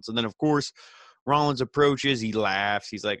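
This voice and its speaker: A man's voice: mid-range voice, unhurried, a bit bright, dry recording. A young man recapping a wrestling show in a loose, rambling way, full of fillers and swearing. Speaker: podcast host reviewing wrestling. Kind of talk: casual recap.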